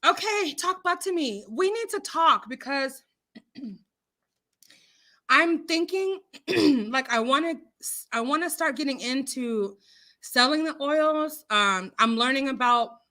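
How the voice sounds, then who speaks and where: A woman's voice: high-pitched, lively intonation, takes it slowly, long pauses, pushed and bright. A woman hosting a casual livestream, reading viewer comments aloud in a chatty, giggly, rambling way with lots of fillers. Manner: talks with her hands. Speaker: livestream host.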